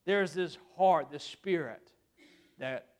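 High-voiced man preaching. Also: takes it slowly. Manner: conversational preaching with questions to the congregation. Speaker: pastor. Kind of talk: sermon.

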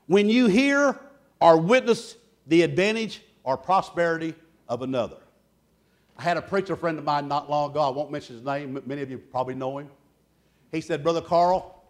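A man preaching a sermon, loud and boisterous, telling folksy stories between points. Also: high voice. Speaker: pastor.

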